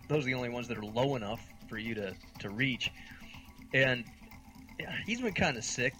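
Here a US podcast co-host in his thirties spins casual, rambling comic tales full of exasperation and self-mockery. His pitch is medium with a sharp edge, and the audio is rough.

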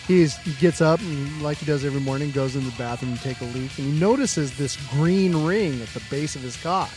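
A man's voice: fairly high pitch, a little fast, over music. A man co-hosting a podcast, chatting casually and telling jokes, swearing freely and using a lot of fillers. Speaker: podcast co-host. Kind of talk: casual chat and joke telling.

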